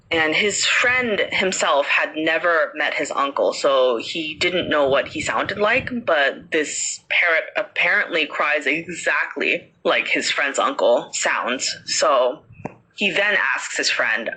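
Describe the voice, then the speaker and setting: A woman's voice: low voice, slow pace, sharp tone, a little hiss or hum, poor audio. A woman podcast host casually telling a ghost story, chatty with many fillers.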